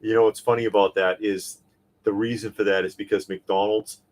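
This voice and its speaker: This co-host of a live toy and pop culture talk stream chats casually, reads viewer comments and rants opinionatedly, rambling with lots of fillers and restarts. His voice is lowish and flat, at a moderate pace.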